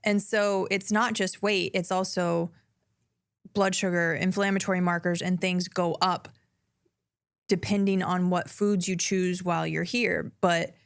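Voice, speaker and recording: A woman's voice: on the low side, level tone, measured pace, clear, resonant tone, no room sound, clean studio sound. A woman who works with patients, co-hosting a casual talk show and explaining points in an engaged, agreeable way. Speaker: health practitioner and co-host. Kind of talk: casual chat. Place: South Florida.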